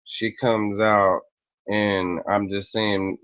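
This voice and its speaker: A man in a rambling, profane, angry rant to camera who clears his throat often, recorded dull and lo-fi. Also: fairly low pitch, steady tone, takes it slowly, dry recording. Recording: dull lo-fi, dry close sound.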